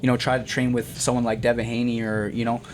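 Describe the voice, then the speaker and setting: With a mid-range voice and quick pace, a young boxer from Canada recounts his story amid slight background noise. The interview is casual and slangy; he's animated and keeps addressing the host as "bro."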